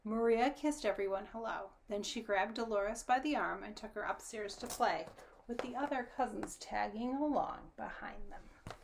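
Lady reading a kids' story, hushed and whispery, bit of gravel in the voice. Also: mid-range voice, moderate pace, noisy background. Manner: soft, often whispered narration. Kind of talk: storybook read-aloud.

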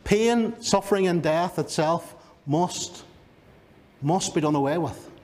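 A man's voice: on the high side, lively intonation, takes it slowly, darkish tone. A male pastor with a Northern Irish accent preaching a sermon, emphatic and driving home key words by repeating them. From Northern Ireland.

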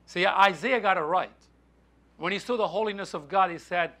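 A man preaching a sermon in a church, halting with frequent restarts and fillers. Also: high voice, bright, forceful tone. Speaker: pastor. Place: church sanctuary.

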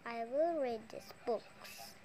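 Slow, playful woman telling a toy story. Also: fairly high pitch, heavy background noise. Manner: slow, playful, sing-song with excited squeals. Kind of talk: toy play storytelling with put-on voices.

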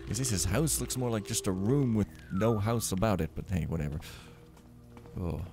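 A low-pitched man talks through a game with wry, mumbling asides. Game music plays clearly behind him the whole time. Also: moderate pace. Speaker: game streamer. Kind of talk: casual let's-play commentary.

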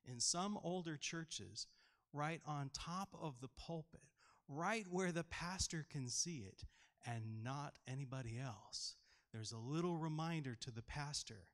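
A man's voice: on the high side, expressive, unhurried, a bit bright. A man pastor giving a children's sermon in a church, playful and often asking the kids questions.

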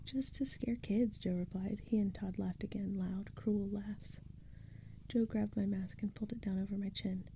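A woman reading a spooky children's story in a soft, breathy whispered role-play, close to the mic. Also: mid-range voice, flat delivery, normal speed, slight background noise. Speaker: ASMR storyteller.

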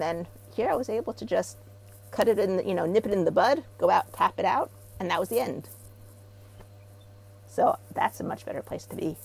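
A middle-aged woman from Israel speaks as an interview guest in a low, gravelly voice with a husky edge. She tells her stories animatedly and grows loud when she acts out other people's words. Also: moderate pace, pauses often, poor audio. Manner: animated storyteller, rising loud when acting out quotes. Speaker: guest, therapy practitioner. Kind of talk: casual interview talk.

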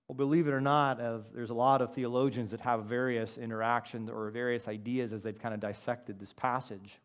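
A male pastor delivers a sermon in a voice of ordinary middle pitch. He swings from loud, emphatic lines down to quiet, low asides. He gives quoted words a dramatic reading. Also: steady tone, brisk, hardly any pauses, smooth. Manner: acts out the prophet's quoted words.

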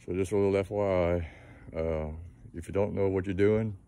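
Plainspoken man, deep and even, dark tone, folksy shop-talk delivery. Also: moderate pace, smooth, no echo. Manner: plainspoken, folksy, trailing fillers. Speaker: engine mechanic giving a tip. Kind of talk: casual how-to talk to camera.

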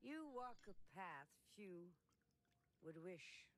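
An actress voicing an old beggar queen in a video game, speaking slowly with hushed, knowing calm. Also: on the low side, noisy background. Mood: cryptic.

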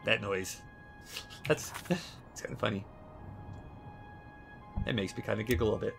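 A young male livestreamer with a fairly low, gravelly voice gives casual gameplay commentary at an unhurried pace. He's playful and giggly, chattering loosely over game music.

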